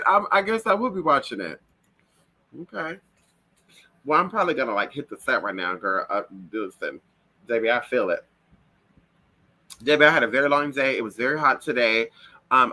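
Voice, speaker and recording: Sassy, lively man gossiping. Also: moderate pace, pauses often. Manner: sassy, profane, animated storytelling; does shrill high voices for birds and people in stories. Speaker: livestream host. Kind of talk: casual gossip chat.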